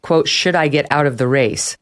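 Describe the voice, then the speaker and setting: Woman host, probing questions, measured interview talk. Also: low voice. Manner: poses probing questions at length. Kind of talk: political interview.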